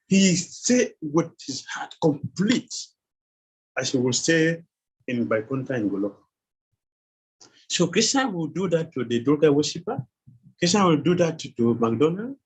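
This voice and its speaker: A man's voice: fairly high pitch, sing-song, measured pace, pauses often, slightly rough, low-quality recording. A man teaching a scripture class who keeps quizzing his listeners with questions and chuckles as he goes. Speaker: spiritual teacher.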